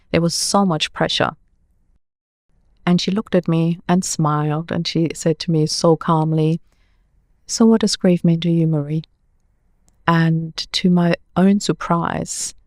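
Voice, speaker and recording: A woman's voice: sits low, vocal fry, no room sound, clean studio sound. A woman in her forties, a podcast guest earnestly recounting a personal story with many "you know"s.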